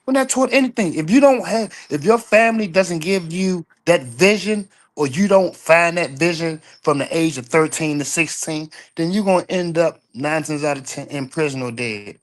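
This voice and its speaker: A man's voice: fairly high pitch, animated, moderate pace, hardly any pauses. A man calling into a casual talk show, speaking passionately and bluntly and swearing freely. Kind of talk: casual call-in chat.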